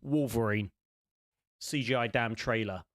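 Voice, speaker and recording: A young man hosting a gaming channel, chatting casually and excitedly as he reacts to game trailers in a rambling, jokey way. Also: medium pitch, a little slow.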